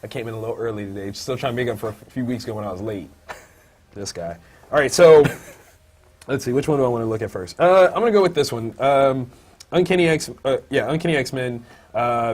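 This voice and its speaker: Animated man co-hosting a comics podcast. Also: fairly quick. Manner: animated, jumps to loud, high outbursts; many fillers, thinks aloud. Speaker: comic book review podcast co-host. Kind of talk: casual chat.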